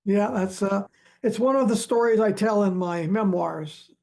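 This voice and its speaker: Male archaeologist, gravelly, unhurried storyteller, hesitant with frequent fillers. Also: high-pitched, a little mellow. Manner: halting, many fillers and restarts, chuckles often. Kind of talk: relaxed storytelling chat.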